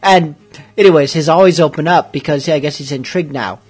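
A man's voice: on the high side, a little fast, darkish tone, breathy edge, faint music behind. A man hosting a late-night show, chatting casually with rambling, joking asides. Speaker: radio show host.

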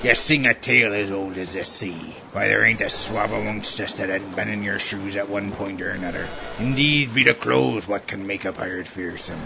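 A man playing a gruff, bossy pirate bosun, speaking old-timey pirate dialect in a booming, hearty manner. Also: normal speed, few pauses. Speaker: ad pitchman in character. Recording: noisy recording.

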